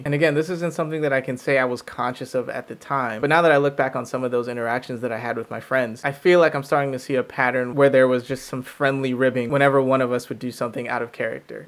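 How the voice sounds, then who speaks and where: A man's voice: medium pitch, fairly bright tone. A young man talking casually and reflectively to camera, telling a personal story with self-deprecating asides. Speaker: vlogger.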